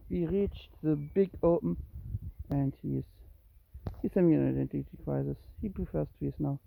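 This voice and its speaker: Gravelly coaxing cat owner outdoors. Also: normal speed, pauses often, no echo. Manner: coaxing, calls the kitten with high meows. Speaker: cat owner filming a kitten walk. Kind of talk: casual narration while walking. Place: outdoors in woods and grass at dusk. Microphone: handheld phone. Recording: tinny phone-like sound.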